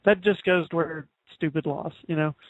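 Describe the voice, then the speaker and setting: A man hosting a podcast in casual chat, rambling with lots of fillers and quick laughs. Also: fairly high pitch, steady tone, no echo. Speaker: podcast host. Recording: dry, phone-like lo-fi audio.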